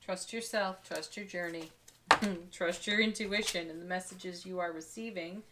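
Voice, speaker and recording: A woman giving a daily tarot card reading, speaking softly and warmly with gentle enthusiasm and frequent light laughs. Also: lowish voice, steady tone, unhurried, slight background noise. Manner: soft, spiritual, gently enthusiastic, laughs often.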